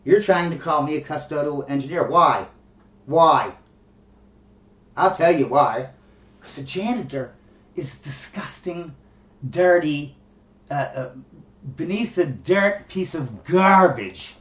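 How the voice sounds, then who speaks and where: A middle-aged man rants bluntly and profanely, with a high voice and short laughs between his points. He sounds far from the microphone, in an echoey room. The recording is dull and lo-fi. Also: animated, takes it slowly, pauses often, a bit bright. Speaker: commentary host. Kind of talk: casual ranting monologue.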